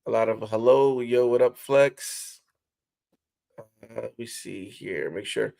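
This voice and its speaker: A man's voice: mid-range voice, slow, gravelly, mellow. A man hosting a casual livestream, greeting viewers and reading their comments aloud. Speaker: livestream host reading chat.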